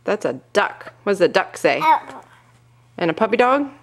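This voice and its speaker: Reading a picture book aloud to her toddler at home, a young woman asks gentle questions and coaxes with small animal sounds. She speaks at a normal speed in a mid-range voice with big swings in pitch.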